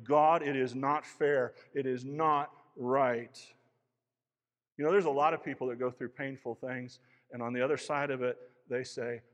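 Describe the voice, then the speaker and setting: A man's voice: fairly low pitch, long reverb tail. A man preaching a sermon as pastor, with an impassioned, rising and falling delivery. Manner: impassioned preaching, voicing Elijah's lament.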